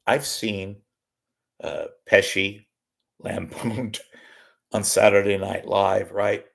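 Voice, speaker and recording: A man hosting a live solo talk show, rambling and wisecracking in a meandering, self-interrupting way with a low-key, deadpan delivery. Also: takes it slowly, vocal fry, long pauses.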